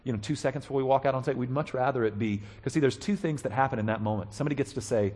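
A male pastor preaching a conversational sermon, animated, checking in with his listeners and acting out quoted voices. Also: mid-range voice, rapid-fire, few pauses.

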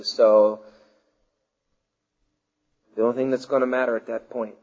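A man preaching a sermon to his congregation, swinging between loud declarations and hushed, slow questions. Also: mid-range voice, flat delivery, big-room sound, muffled recording. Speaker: pastor.

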